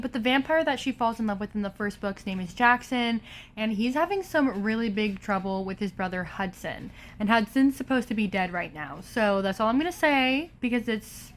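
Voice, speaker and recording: A young adult woman vlogging about books she is reading, rambling and gushing with lots of "like". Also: mid-range voice. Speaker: book vlogger. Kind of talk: casual reading vlog chat. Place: home room, bad sound.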